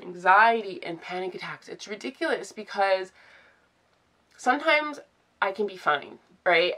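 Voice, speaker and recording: A woman in her twenties talks through a personal vlog, emotional and close to tears, halting and restarting with many "like"s. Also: on the low side, fairly bright tone. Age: 20s. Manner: halting, fills with "like", restarts often. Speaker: vlogger.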